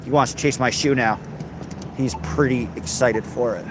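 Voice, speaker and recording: A male livestream host with a medium-pitched voice speaks in a steady tone at a moderate pace. Reading comments on his casual stream, he jokes crudely in a mock-threatening manner, and outdoor noise fills the background.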